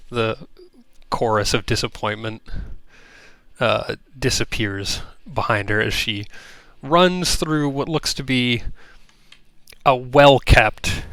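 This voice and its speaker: Man gm narrating slow, lots of ums, bright crisp voice. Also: mid-range voice, no room sound. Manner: unhurried, descriptive, with fillers. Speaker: game master. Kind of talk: narrating a tabletop game.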